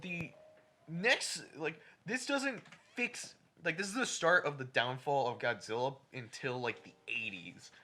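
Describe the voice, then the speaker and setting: A man's voice: medium pitch, animated, unhurried, sharp tone. A man co-hosting a podcast in casual chat, recapping a movie in a profane, ranting way. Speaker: podcast co-host.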